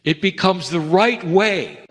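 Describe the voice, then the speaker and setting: A man delivering a channeled spiritual message in slow, heartfelt, broken phrases, rising to emphatic lines and dropping to hushed ones. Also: expressive. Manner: swings between raised emphatic lines and hushed low ones. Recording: long reverb of a large hall.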